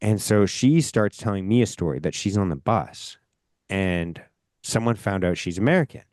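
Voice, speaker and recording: A man's voice: low voice, expressive, normal speed, darkish tone, no echo, clean studio sound. A man from Canada hosting a podcast, telling a rambling story in casual chat, swearing often and speaking with emphasis. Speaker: podcast host.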